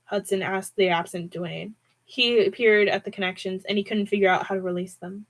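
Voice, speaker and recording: A woman reading a horror novel aloud on a stream, dramatic with wide pitch swings and occasional restarts. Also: steady tone, normal speed, hardly any pauses, poor audio. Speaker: audiobook reader.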